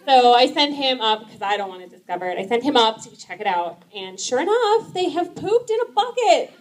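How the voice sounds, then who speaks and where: A woman's voice: fairly high pitch, sing-song, fairly quick. A woman in her thirties doing stand-up comedy at a live event, chatty, with lots of "um"s and laughing at her own jokes. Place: live event in front of an audience.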